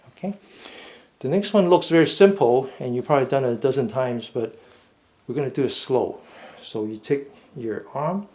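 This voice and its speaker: A middle-aged man leading a seated mindful fitness class, giving slow, patient step-by-step cues. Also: medium pitch, warm tone. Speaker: fitness and meditation instructor. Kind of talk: guided seated exercise class.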